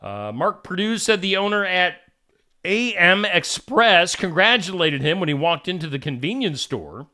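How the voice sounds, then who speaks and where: A man's voice: high voice, sing-song, moderate pace, pushed and bright. A male host reading odd news stories aloud and adding wry asides between them.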